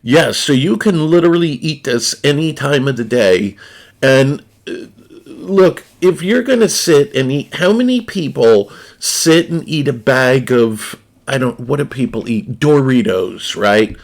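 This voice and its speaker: A man talks unhurriedly to his viewers in a gravelly, creaky voice. He is blunt and profane and wanders into rambling asides. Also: medium pitch, animated, unhurried. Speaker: gaming streamer reviewing a snack. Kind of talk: casual unscripted chat to viewers.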